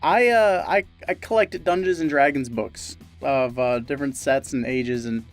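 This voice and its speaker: A man co-hosting a casual gaming-channel chat, telling stories and deadpan absurd jokes. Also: mid-range voice, normal speed, soft background music. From Great Lakes region, US. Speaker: co-host.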